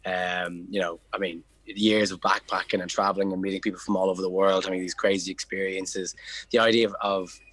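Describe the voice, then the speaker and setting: A Dublin man in his thirties, a hostel co-owner guesting on a podcast, tells travel stories in a casual storytelling interview. His low, fairly bright voice stays level and moves fairly quickly, full of fillers and restarts. The recording is rough but has no echo.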